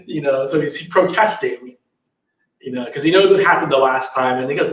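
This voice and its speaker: A man's voice: medium pitch, normal speed, a bit bright, far from the mic. Chatty male storyteller in an echoey hall. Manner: loose, chatty retelling. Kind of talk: casual spiritual storytelling. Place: temple hall.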